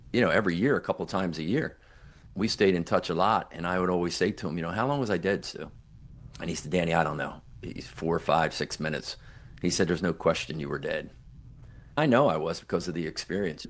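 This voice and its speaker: A very deep, low male voice carries this older man's storytelling. He speaks earnestly and reflectively, leaning into the quoted lines he recalls. It sounds like a sincere podcast interview guest. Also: fairly quick. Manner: earnest, reflective, retells dialogue with emphatic quotes. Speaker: guest, near-death survivor and author.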